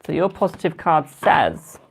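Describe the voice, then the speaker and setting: Running a live tarot stream, a British man in his twenties keeps things loose, gossipy and warm, calling everyone darling and boo between card readings. His voice is on the high side and sing-song, turning slightly gravelly with fry at phrase ends, and he stays chatty and unhurried.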